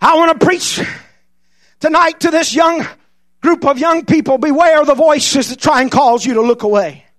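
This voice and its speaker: A fervent male preacher shouting his sermon in a church. His voice is remarkably high and cutting, and it comes across dry and close. He keeps hammering home the same phrases. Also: normal speed, no echo.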